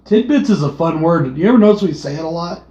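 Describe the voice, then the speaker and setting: A man's voice: a little high, expressive, fast, warm tone. A man co-hosting a casual movie review, laid-back and jokey, swearing freely. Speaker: podcast co-host. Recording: echoey room, dull lo-fi sound.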